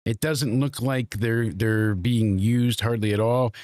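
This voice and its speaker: A man hosting a casual podcast, walking through the news in a loose, halting way with plenty of pauses. His pitch sits in a middle range. The room sound is dry and close. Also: fairly even intonation, a little mellow, no room sound. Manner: rambling, hesitant recap with fillers. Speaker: host.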